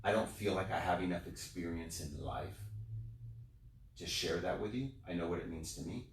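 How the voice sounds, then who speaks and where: A thoughtful young rabbi speaking to his class, as a man puts him on in a measured, lowish voice. The room rings around him, and the mic sits at a distance. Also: slight background noise, close to an everyday voice. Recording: roomy sound, distant mic.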